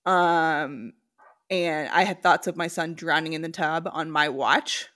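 Speaking a little slowly in a low, slightly bright voice, a woman hosts a casual podcast. She reads listener stories aloud and follows them with candid talk alongside her guest.

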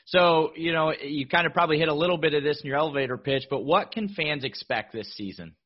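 A man hosts a casual podcast interview, asking loose, rambling questions and cheering his guest on. His voice sits a little high for a man. The sound is somewhat dull and muffled. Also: quick pace. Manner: chatty, affirming, rambling questions. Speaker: podcast host.

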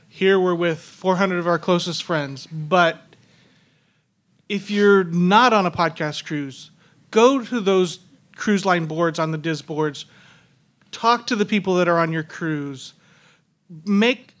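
A man's voice: high-pitched, a bit bright. A man on a live podcast panel, speaking earnestly and encouragingly. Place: theater on a cruise ship, live audience.

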